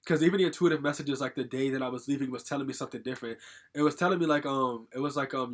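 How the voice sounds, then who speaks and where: A man's voice: medium pitch, racing. A young man from Connecticut telling a personal story in a casual, rambling way, full of "like" fillers and casual swearing. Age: young adult. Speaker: storytime vlogger.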